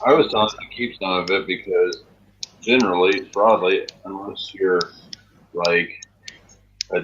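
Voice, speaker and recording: A young man with a very low voice trades crude, brash jokes with friends. The recording sounds dull and lo-fi, like a cheap mic in a room. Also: steady tone, unhurried, a bit bright, slight background noise. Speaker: friend in a group chat. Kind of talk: casual chat.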